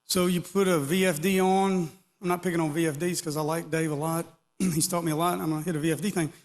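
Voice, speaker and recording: A man's voice: on the high side, fairly even intonation, fast talker. A middle-aged or older man giving a casual, rambling technical talk to an audience, with joking asides. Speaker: conference speaker. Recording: long hall reverb.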